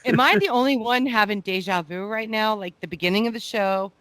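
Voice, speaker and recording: A woman cuts in with blunt, sarcastic comments as a podcast co-host. Her voice sits in a middle pitch, recorded dry and close. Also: brisk, fairly bright tone, dry recording. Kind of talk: casual comedic commentary.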